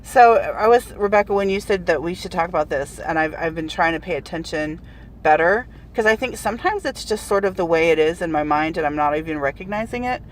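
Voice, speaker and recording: A woman with a fairly low voice co-hosts a podcast and thinks aloud in a reflective way. She reasons through her points calmly. A faint hiss sits under the recording. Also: a little fast, poor audio. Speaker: podcast co-host. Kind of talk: casual podcast chat.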